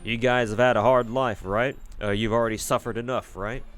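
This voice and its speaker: Brief: man voicing a cheery, loud fairy chief of outcasts, raised voice, faint music. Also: mid-range voice, fairly quick, lightly acted. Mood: cheerful. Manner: excited and loud. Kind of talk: reading game dialogue aloud.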